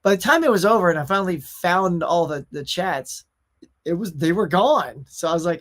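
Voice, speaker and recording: A man hosts a relaxed live stream from his own room at home. He talks in an easygoing, chatty way and calls out viewers by name. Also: high voice, moderate pace. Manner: laid-back, chatty, greets viewers by name. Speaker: host of a pop culture live show. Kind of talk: casual livestream chat.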